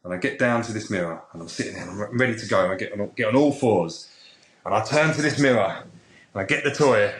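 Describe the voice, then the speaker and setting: A British man, a podcast guest, telling a frank anecdote in a casual, animated way. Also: lowish voice, fast talker, reverberant, a little hiss or hum. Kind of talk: casual storytelling.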